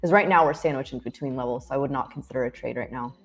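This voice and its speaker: A woman's voice: very deep voice, rapid-fire, faint music behind. A woman co-hosting a trading stream, chatting easily and commenting on price levels. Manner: giggly, easygoing. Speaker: trader co-host. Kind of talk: casual chat and market commentary.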